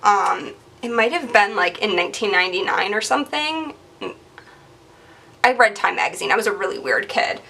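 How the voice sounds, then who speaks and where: Woman, 20s, chatty rambling vlogger; bright tone with some vocal fry, mic a bit distant. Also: medium pitch, lively intonation, normal speed. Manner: rambling, chatty, lots of fillers. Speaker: planner vlogger. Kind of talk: casual chatty narration over crafting.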